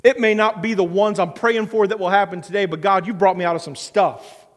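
A man's voice: sits high, fairly even intonation, a little fast. A man preaching a sermon as pastor, earnest, with a repetitive preaching cadence. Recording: long hall reverb.

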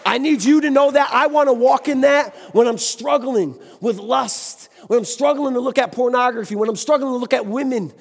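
A man's voice: very high voice, moderate pace, gravelly, hardly any pauses. A man preaching a sermon with passion, exclaiming and speaking to the congregation. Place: church sanctuary. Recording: long hall reverb.

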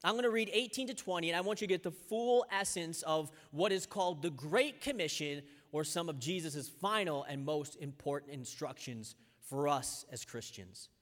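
Young pastor, high lively voice. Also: male voice. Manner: lively storytelling, slows down and softens in prayer. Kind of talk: sermon. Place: church. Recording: long reverb of a large church hall.

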